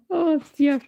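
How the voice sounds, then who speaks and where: A woman's voice: sits high, creaky, lo-fi sound. Woman, tarot card reader, casual livestream, chatty, swears, hyper, phone mic. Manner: chatty, swears freely, calls herself hyper.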